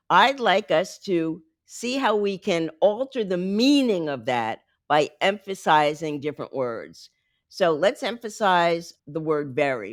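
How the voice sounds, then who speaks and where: Woman communication coach, podcast guest; emphatic, animated delivery, dry studio sound. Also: fairly low pitch, measured pace, no echo. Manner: lively, emphatic, teaching by example. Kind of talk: podcast interview.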